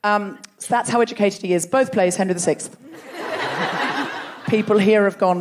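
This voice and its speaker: A woman's voice: fairly high pitch, moderate pace, over a noisy crowd, very noisy. A woman hosting a live comedy show, bantering playfully and teasing the audience from a theatre stage. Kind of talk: live stand-up crowd work.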